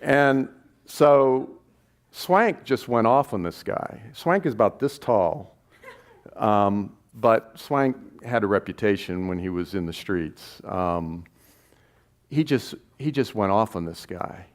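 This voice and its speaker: Rambling, low-voiced male storyteller. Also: lively intonation, slow. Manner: rambling, self-correcting, chuckling between lines. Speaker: documentary filmmaker. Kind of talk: live spoken storytelling.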